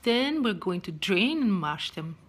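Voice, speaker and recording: A woman's voice: medium pitch, very animated, a little slow, breathy edge. A woman doing an upbeat Brazilian-accented cook. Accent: put-on Brazilian accent. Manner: upbeat, loud cooking demo. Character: friendly Brazilian woman friend cooking.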